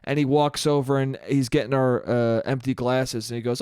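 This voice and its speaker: A young man hosting a solo podcast, telling stories in an animated, profane, self-mocking way. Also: medium pitch, normal speed, few pauses, smooth, dry recording, clean studio sound. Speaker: podcast host. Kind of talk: solo comedic storytelling.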